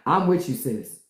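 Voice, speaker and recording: In an echoey room, a medium-pitched livestreamer swaps stories casually with the audience, swearing freely, laughing often and humming disapprovingly.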